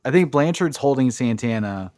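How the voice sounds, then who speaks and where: A man's voice: medium pitch, animated, normal speed, a little mellow, no room sound. A man co-hosting a podcast, recapping wrestling matches in a casual, profane, enthusiastic play-by-play way. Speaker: podcast co-host.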